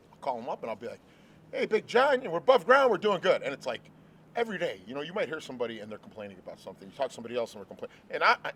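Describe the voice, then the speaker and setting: A man's voice: mid-range voice, fairly bright tone, a little hiss or hum. A man in his forties hosting an interview, talking in an earnest, rambling way with many restarts. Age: 40s. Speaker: host. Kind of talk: casual interview chat. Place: outdoors at a ballpark.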